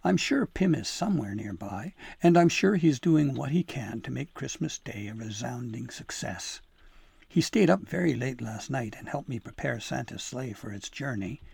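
Brisk, tart elf helper woman, voiced by a man, slightly husky, dry close sound. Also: mid-range voice, lively intonation, darkish tone, no echo. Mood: coaxing.

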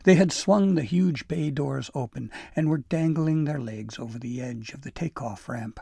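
A man narrating a storybook with gentle, steady storytelling. His voice is gravelly and mellow with a slight huskiness. The sound is dry and close to the mic. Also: medium pitch, normal speed, no room sound.

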